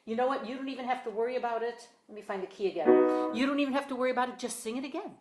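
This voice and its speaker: A woman's voice: on the high side, very fast. A woman teaching a one-on-one singing lesson, explaining exercises and demonstrating them in an encouraging way. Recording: echoey room with piano.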